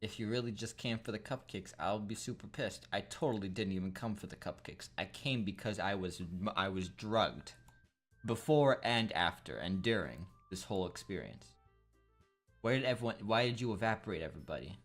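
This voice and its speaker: A man's voice: low-pitched, normal speed, fairly bright tone, soft background music. A young man commenting on a game in a rambling, crude and joking way, swearing often. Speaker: gameplay commentator. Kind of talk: casual gameplay commentary.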